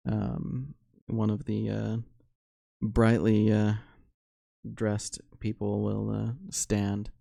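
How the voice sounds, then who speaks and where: A man narrating a solo tabletop game as game master, unhurried and full of fillers. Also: lowish voice, completely flat delivery, creaky, dark tone, dry recording.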